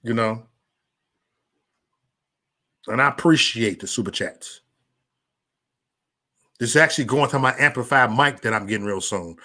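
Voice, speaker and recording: A man ranting on a casual livestream, loud and profane, stammering and restarting, talking straight to viewers by name. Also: medium pitch, measured pace, pauses often. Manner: chats directly with viewers by name. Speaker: livestream vlogger.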